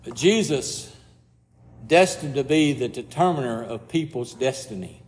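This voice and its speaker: A man preaches in a slow, unhurried cadence, leaning into reflective pauses and soft, hushed phrases. His middle-pitched voice carries through a church sanctuary with a long, ringing reverb. He sounds like a pastor talking his congregation through scripture. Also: animated. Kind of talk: sermon.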